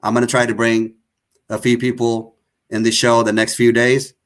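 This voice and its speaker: A man's voice: medium pitch, completely flat delivery, moderate pace. Impassioned man hosting. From Tigray. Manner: emotional, accusatory, repetitive. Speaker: online show host. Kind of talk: impassioned political talk.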